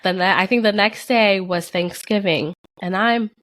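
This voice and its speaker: A woman's voice: medium pitch, unhurried, a bit bright. A young adult woman co-hosting a podcast, telling a personal story in a candid, casual way full of swearing. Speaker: podcast co-host. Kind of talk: casual chat.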